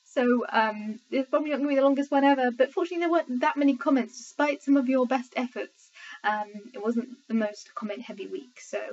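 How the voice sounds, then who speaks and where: A woman's voice: high voice, fast, darkish tone, a little hiss or hum. A young English woman chatting to camera late at night, sleepy and rambling with many filler ums. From England. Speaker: vlogger. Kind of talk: casual chat to camera. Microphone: laptop webcam mic. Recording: lo-fi webcam audio.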